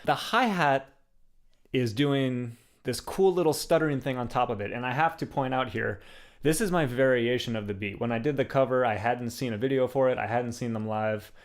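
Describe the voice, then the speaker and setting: A young man teaching a drum beat in a casual, relaxed way, explaining hi-hat accents with enthusiasm and frequent fillers. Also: mid-range voice, normal speed. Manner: relaxed, enthusiastic, uses "like" and "um" often.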